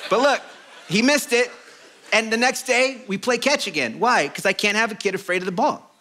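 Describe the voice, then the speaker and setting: A middle-aged man preaching a sermon as a pastor, telling stories in an animated, self-deprecating way. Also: sits high, fairly quick, slight background noise. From Mexican heritage. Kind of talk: storytelling sermon. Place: church auditorium.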